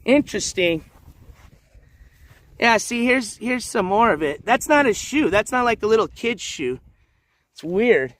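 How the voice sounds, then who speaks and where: Man, high voice, casual walk-and-talk streamer, coaxes his dogs, outdoor riverbed with dogs around. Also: very animated, a little slow, pauses often, fairly bright tone. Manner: chatty, coaxing his dogs in a raised voice. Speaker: livestream host. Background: dogs moving about outdoors.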